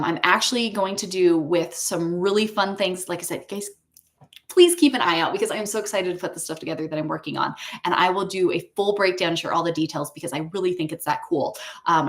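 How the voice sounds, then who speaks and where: A woman hosting a casual prayer livestream from home, chatting and laughing as she answers viewer comments. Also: lowish voice. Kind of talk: casual chat.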